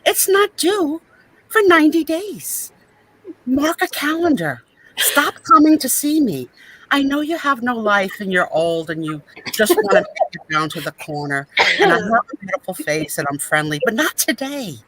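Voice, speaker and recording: A woman's voice: on the high side, big pitch swings, normal speed, fairly bright tone, pitched above the performer's own voice, low-quality recording. A woman playing a weary young female pharmacy worker who sighs and complains over a video call. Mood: exasperated. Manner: sighing, complaining, exasperated.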